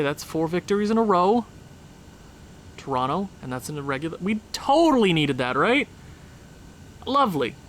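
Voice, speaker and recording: A young man commentating his hockey franchise game, sarcastic and exasperated, with loud frustrated outbursts. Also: a little high, slight background noise. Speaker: gaming YouTuber. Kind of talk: franchise mode gameplay commentary.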